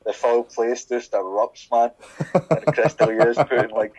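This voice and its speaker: A Scottish man telling a sweary, animated story in casual chat on a podcast and acting out the voices of the people in it. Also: mid-range voice, a little slow, poor audio. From Scotland. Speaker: podcast guest.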